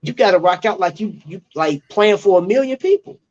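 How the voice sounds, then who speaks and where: A man's voice: high-pitched, lively intonation, brisk, muffled recording. A man co-hosting a casual livestream talk, explaining a point and checking in with "right?". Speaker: livestream co-host.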